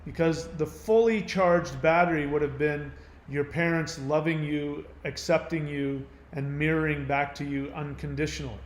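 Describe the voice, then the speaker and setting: Man, channel host, earnest emphatic monologue, higher-pitched, roomy reverb. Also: steady tone, moderate pace. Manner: earnest, emphatic, acts out quoted voices. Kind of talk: explanatory monologue. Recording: roomy echo.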